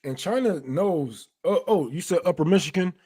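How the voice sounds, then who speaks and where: A man's voice: sits high, animated, moderate pace, dark tone, breathy edge. A man hosting a casual political livestream, loose and profane, breaking into mocking asides and jokes. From Detroit. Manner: loose, profane and joking, drops into mocking put-on voices. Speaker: livestream host.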